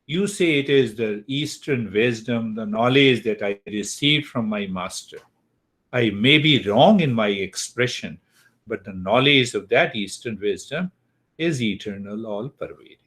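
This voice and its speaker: Slow, questioning man teaching spiritual ideas. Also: lowish voice, lively intonation, fairly bright tone. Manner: slow, repeating key words, asks the class questions. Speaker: teacher of Eastern wisdom. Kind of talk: spiritual lecture to a class. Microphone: computer mic, online class.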